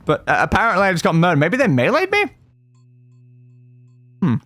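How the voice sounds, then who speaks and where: A man's voice: high-pitched, wildly swooping pitch, fairly quick, a bit bright, faint music behind. A man streaming a retro role-playing game, chatting casually and rambling with lots of fillers and restarts. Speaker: gaming streamer. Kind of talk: casual let's-play chat.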